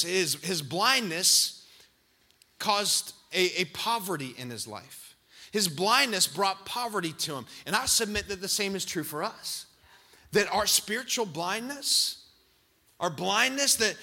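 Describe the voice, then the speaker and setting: Man, pastor, preaching sermon, high voice, very bright tone. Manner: preaching, rising to shouts when quoting.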